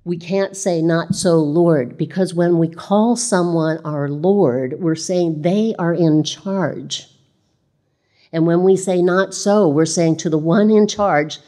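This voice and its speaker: A woman's voice: on the low side, unhurried, warm tone. A woman preaching a sermon in a conversational way, reading scripture aloud and repeating phrases.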